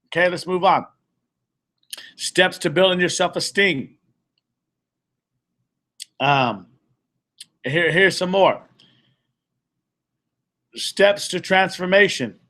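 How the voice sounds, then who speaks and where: A man's voice: sits high, takes it slowly, long pauses, bright, forceful tone. A man leading a group session as a motivational speaker, emphatic and repetitive, restating his points and sometimes stumbling over words. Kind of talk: motivational talk to a live audience.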